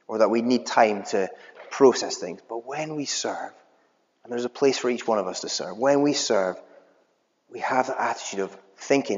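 A male preacher delivers a sermon in a relaxed, conversational way, pausing on filler words. His mid-pitched voice carries through a church hall with long reverb. The recording sounds dull and lo-fi. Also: a little hiss or hum.

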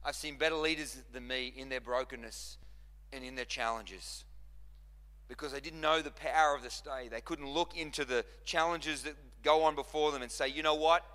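With the long reverb of a large hall around him, a man preaches as pastor at normal speed, his medium-pitched voice a bit bright. He is impassioned, hammering his points by repeating phrases and starting them over.

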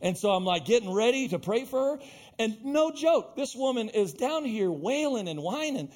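A man preaching a sermon as pastor, emphatic and animated, breaking off to speak straight to his congregation. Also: very high-pitched, moderate pace.

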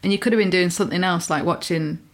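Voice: mid-range voice, steady tone, quick pace. A podcast co-host speaking in casual, thoughtful chat with many fillers.

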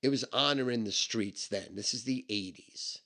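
A man's voice: mid-range voice, normal speed, sharp tone. A man telling a personal story in a blunt, emphatic and heavily profane way. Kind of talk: casual spoken anecdote.

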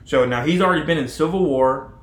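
A man's voice: fairly high pitch, fairly quick, roomy sound. A man co-hosting a casual podcast chat, talking at length in a chatty way. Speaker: podcast co-host.

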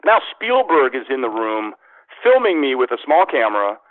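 A man's voice: mid-range voice, very animated, moderate pace, dry recording. A man telling his career story in a casual interview, rambling with lots of restarts and "like". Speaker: sports radio host, former actor. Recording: tinny phone-like line, dry.

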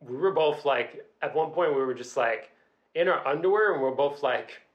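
A man's voice: on the high side, normal speed, dull audio. A man, a podcast guest, telling a story in casual chat, using lots of filler words and acting out quotes. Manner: animated, full of "like" fillers, acts out quotes.

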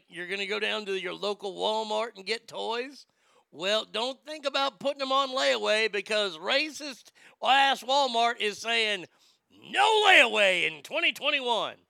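A man's voice: high-pitched, gravelly, bright, forceful tone, smooth, dry recording. A middle-aged man hosting a casual talk show, telling stories in a wisecracking, profane way. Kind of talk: casual talk radio banter.

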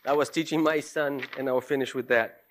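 A middle-aged man, a theology professor, giving a reflective lecture with personal stories, in an earnest, halting way full of restarts. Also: mid-range voice, fairly even intonation, noisy background.

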